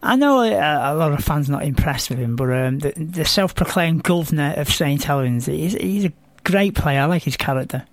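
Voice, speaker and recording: A man's voice: a little high, lively intonation, moderate pace, few pauses, no room sound. A man hosting a rugby league show, asking questions and joking with his co-host. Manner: jokey, playful. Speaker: radio sports show host. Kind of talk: sports chat.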